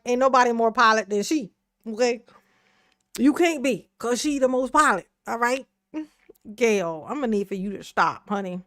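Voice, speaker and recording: Sassy woman reacting to clips, high voice, profane, laughs a lot. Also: fairly bright tone, no room sound, studio quality. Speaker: reaction channel host. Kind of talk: casual commentary on a clip.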